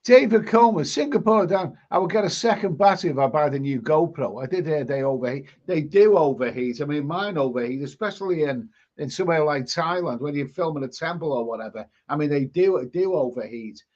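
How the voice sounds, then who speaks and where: A man with a fairly high voice hosts a casual live stream, reading out viewer comments. He rambles, doubling up words and restarting sentences as he goes. The sound is dull and lo-fi. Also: lively intonation, fairly quick, few pauses, a little mellow.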